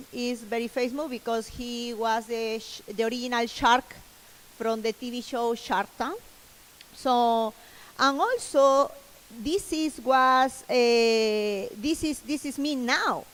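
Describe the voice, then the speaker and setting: A woman with a Spanish accent, a native Spanish speaker, giving an earnest motivational keynote in halting English. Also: a little high, in a large hall, slight background noise, rough recording. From Latin America. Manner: earnest, repeats herself, broken English. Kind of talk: motivational stage talk. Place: large event hall.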